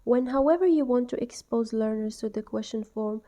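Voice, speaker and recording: Woman teaching, dark mellow voice. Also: a little high. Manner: clear, deliberate, exaggerates classroom model phrases. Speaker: English teacher trainer. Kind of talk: instructional voice-over.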